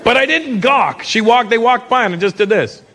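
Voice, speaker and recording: Animated high-pitched male stand-up comic. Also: moderate pace. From Canada. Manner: animated, swings into loud shouted bits for acted-out characters. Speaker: stand-up comedian. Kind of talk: stand-up comedy set. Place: comedy club stage with live audience. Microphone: handheld stage mic. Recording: live club recording with crowd noise.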